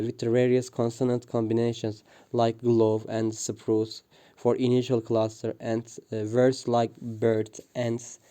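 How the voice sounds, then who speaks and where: A man reads a prepared linguistics presentation, pausing often with "uh" and restarting words. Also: mid-range voice, warm tone, clean tone. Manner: hesitant, frequent "uh" fillers and restarts. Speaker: student presenter.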